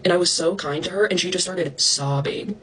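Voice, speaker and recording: A young woman ranting to her followers about online drama, indignant, fast-talking and swearing, mocking others in a higher voice. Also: fairly bright tone, rough recording.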